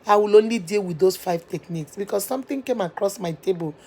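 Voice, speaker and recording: A woman speaks from her office in a relaxed, mellow voice, giving motivational advice to her followers. She drives each point home by repeating it, in an earnest, almost preachy manner. A faint background noise sits under her voice. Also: medium pitch, fast. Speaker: channel host giving life advice. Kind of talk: motivational advice talk to viewers.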